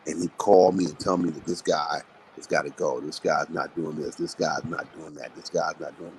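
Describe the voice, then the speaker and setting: A man, a boxing trainer, telling blunt, animated stories with plenty of swearing in a live interview. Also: sits low, moderate pace, slight background noise, poor audio. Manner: animated, blunt, profane storytelling.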